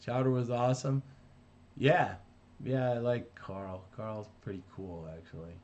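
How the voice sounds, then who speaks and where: This middle-aged animator from New Jersey speaks unhurriedly in a steady, mid-range, slightly mellow voice while chatting casually on a live stream as he works. He rambles, reads viewer comments out loud and frequently cuts himself off mid-thought, with the highs of the audio cut off.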